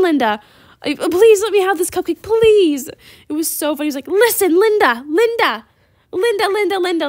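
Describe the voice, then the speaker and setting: A woman hosting a gaming channel, giving casual gameplay commentary in a chatty, rambling way that turns excited easily. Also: fairly high pitch, no room sound.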